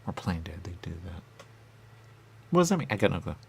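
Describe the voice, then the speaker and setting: A man with a low, gravelly voice that swings widely up and down as he riffs in a goofy routine. He argues with himself in silly back-and-forth, now and then sinking into a hushed aside. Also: sing-song, a little fast. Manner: goofy, answers his own questions, slips into hushed asides. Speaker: radio show personality.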